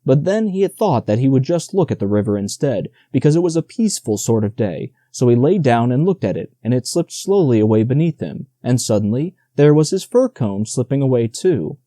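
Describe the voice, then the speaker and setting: A man reading a children's audiobook aloud in an expressive storytelling manner. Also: mid-range voice, a little fast, few pauses, dry recording, clean studio sound. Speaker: audiobook narrator. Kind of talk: scripted narration.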